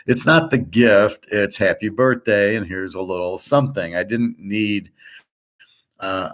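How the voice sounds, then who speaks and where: A man's voice: deep voice, a bit bright. An older man hosting a show, telling a long grievance story in a blunt, profane, rambling way. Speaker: show host. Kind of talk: casual rambling monologue.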